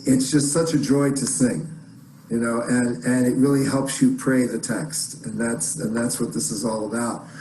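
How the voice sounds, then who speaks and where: A man's voice: mid-range voice, roomy sound, a little hiss or hum, poor audio. A man hosting an online music workshop, explaining in a rambling, encouraging way with many restarts. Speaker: workshop host.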